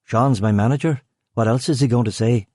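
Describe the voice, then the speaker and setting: A man's voice: medium pitch, a little fast, warm tone, dry recording, clean studio sound, lightly acted. A man reading an audiobook, voicing a laconic hired ex-policeman with a Northern Irish accent.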